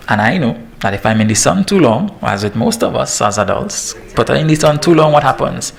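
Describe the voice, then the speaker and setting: A man in his thirties, a fitness trainer giving a lively, joking talk to parents. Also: medium pitch, fairly quick, gravelly. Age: 30s. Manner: lively and joking, laughs at himself. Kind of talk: presentation to parents.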